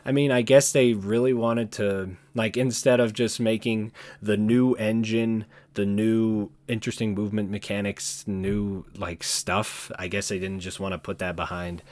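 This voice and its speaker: A man hosting his own channel, talking alone in a rambling, casual way, often correcting himself and trailing off quietly. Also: lowish voice, flat delivery, measured pace, hardly any pauses. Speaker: channel host. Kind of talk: casual solo chat.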